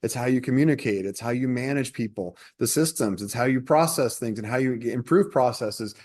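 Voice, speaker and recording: A man co-hosting a consulting podcast, explaining workplace systems in a measured, list-like way. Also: medium pitch, darkish tone. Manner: measured, explanatory, lists points. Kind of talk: casual podcast discussion.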